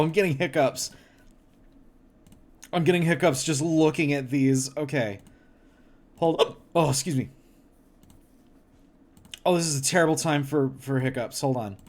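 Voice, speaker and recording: A man streaming casually, laughing often and reacting to things with loud mock horror and swearing. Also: medium pitch. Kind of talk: casual livestream chat.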